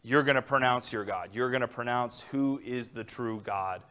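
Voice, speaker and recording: A man's voice: medium pitch, normal speed, bright, forceful tone. A young adult man preaching a sermon in a conversational way, often checking in with his listeners. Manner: conversational preaching with frequent "all right" and "right?".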